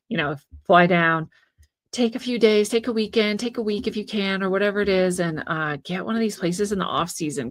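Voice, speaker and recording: A woman from the Pacific Northwest hosting a tarot channel, talking in a chatty, rambling way with frequent laughs and fillers before reading the cards. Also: mid-range voice. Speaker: tarot reader and channel host. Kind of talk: casual monologue, tarot reading.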